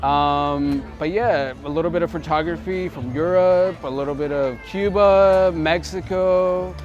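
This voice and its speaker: A man casually promoting his photography work at an outdoor festival booth, relaxed with plenty of fillers. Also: fairly high pitch, measured pace, dull audio, soft background music. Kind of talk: self-promotional pitch to camera.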